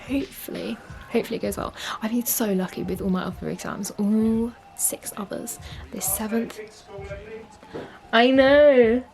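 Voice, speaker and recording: A woman's voice: fairly high pitch, moderate pace, vocal fry, darkish tone, soft background music. A young woman, talking casually to camera in a rambling, chatty way full of fillers. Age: young adult. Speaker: vlogger. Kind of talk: casual vlog chat.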